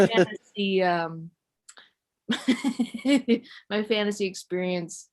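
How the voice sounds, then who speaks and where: A young woman from California doing a stand-up comedy set, rambling and self-mocking in a deadpan way. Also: fairly low pitch, a little slow. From San Jose, California.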